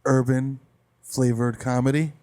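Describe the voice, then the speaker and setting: A man drops into a stiff, overly formal gentleman who picks each word slowly and with care. The voice sits deeper than his natural talk, in an improvised comedy skit. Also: level tone, lightly acted. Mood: defensive. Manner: slow, prim and measured.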